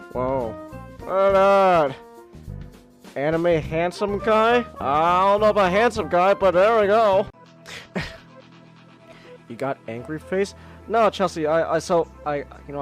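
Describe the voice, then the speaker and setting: A man hosting a live stream, chatting casually in an excitable way, swearing freely and laughing a lot. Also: fairly high pitch. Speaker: streamer host.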